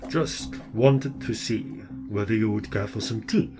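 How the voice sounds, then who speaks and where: A man voicing a courteous male ship's doctor with a cane, who speaks slowly and formally. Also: lowish voice, music in the background, lightly acted. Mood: polite concern.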